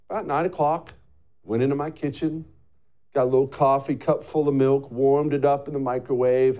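A man hosting a political talk show, lively and mocking, laughing often. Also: mid-range voice.

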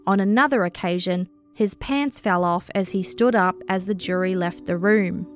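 A woman of middle pitch tells a true crime story in a steady, scripted narration. Her delivery is measured and even, with faint music underneath.

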